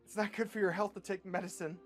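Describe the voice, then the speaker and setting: A man's voice: sits high, fairly even intonation, quick pace, soft background music, voice pushed up, lightly acted. A man voicing a crude seasick woman. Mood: defiant. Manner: cranky, swearing. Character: foul-mouthed seasick female team member. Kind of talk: reading a self-written comic script aloud.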